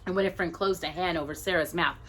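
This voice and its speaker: A woman reading a storybook aloud as the storyteller, expressive and animated. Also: on the low side, fairly quick, husky.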